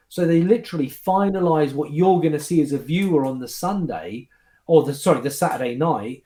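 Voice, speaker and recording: A man, a guest magician, chatting casually and telling backstage stories in an animated, restart-heavy way. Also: fairly high pitch, a little fast, reverberant. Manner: animated storyteller, restarts and fillers. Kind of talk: casual chat recounting anecdotes.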